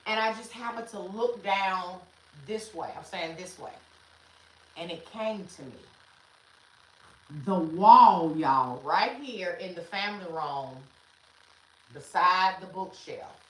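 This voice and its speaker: A woman's voice: fairly low pitch, slow pace, long pauses. Chatty woman hosting a home livestream. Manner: animated, chatty, talks straight to viewers. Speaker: livestream host. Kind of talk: casual livestream chat. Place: family room at home. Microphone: phone camera carried around the room. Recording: echoey room with some noise.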